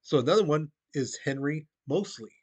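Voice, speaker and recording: A man's voice: fairly high pitch, animated, a little fast, a little mellow, slightly rough. A male history teacher giving a casual, conversational classroom lecture, talking to his students as "guys". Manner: conversational, addresses listeners as "guys", frequent restarts.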